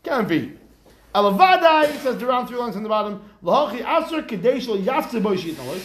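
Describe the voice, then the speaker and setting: A Talmud teacher leads a class in a brisk, animated, rhetorical style, acting out little scenes and examples as he explains. His voice is high and swoops widely, and the room around him echoes.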